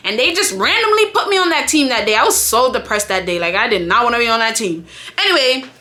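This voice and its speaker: A woman's voice: fairly high pitch, animated, fast talker, bright, forceful tone. A woman from Jamaica telling a story time to her vlog, chatty, candid and profane. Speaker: vlogger.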